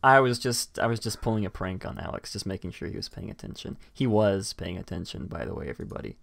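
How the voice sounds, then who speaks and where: A man's voice: on the low side, big pitch swings, fast talker, gravelly, a bit bright, no echo. A man hosting a casual live stream chat, rambling with many fillers and restarts. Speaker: host.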